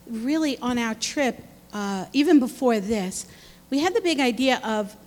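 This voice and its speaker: Woman sharing a testimony at church, soft and encouraging, kinda high voice, big echoey hall. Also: expressive, measured pace. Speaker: speaker at church. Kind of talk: sermon testimony. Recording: long hall reverb.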